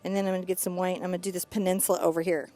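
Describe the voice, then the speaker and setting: A woman's voice: fairly low pitch, level tone, very fast, dark tone, no room sound. A middle-aged woman teaching a live painting class, chatty and upbeat as she narrates each brushstroke. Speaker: painting instructor.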